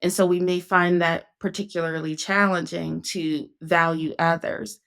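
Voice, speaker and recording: A woman's voice: fairly low pitch, steady tone, a little slow, vocal fry, fairly bright tone, smooth. A woman hosting a casual conversation, telling her story in an earnest, reflective way. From Northeast Ohio, USA. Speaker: podcast host.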